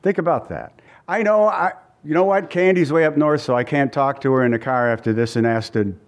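Male pastor preaching, kinda higher voice, chatty and earnest, repeats stuff for emphasis. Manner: earnest, conversational preaching with repeated phrases and asides; reads scripture in a slower, lower voice. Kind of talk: sermon.

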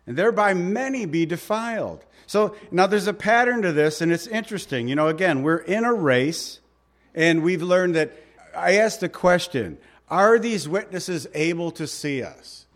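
Middle-aged male pastor, slightly high voice, easygoing sermon delivery, slow when reading verses, sudden quiet stresses. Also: expressive. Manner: conversational preaching, slows down to read verses, drops quiet for emphasis.

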